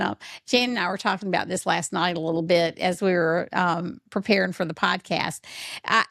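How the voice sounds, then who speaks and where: A woman hosting a podcast, talking in a lively storytelling way and acting out quotes. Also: mid-range voice, vocal fry, no room sound, studio quality. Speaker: podcast host. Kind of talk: podcast conversation.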